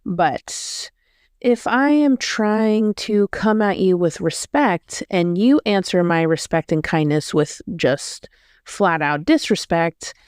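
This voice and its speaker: A woman's voice: lowish voice, animated, slow, a little mellow, clear, resonant tone, dry recording, clean studio sound. A woman vlogger telling a story in a casual, rambling way, often correcting herself. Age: adult.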